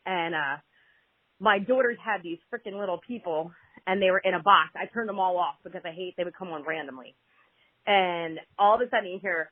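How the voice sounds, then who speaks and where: A woman's voice comes through a thin, tinny phone line with a dry, close sound. She tells her story animatedly and acts out the back-and-forth of conversations. Her pitch sits in an ordinary middle range. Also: brisk, breathy edge, dry recording. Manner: animated, with lively quoted exchanges. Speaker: caller. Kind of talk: personal story over the phone.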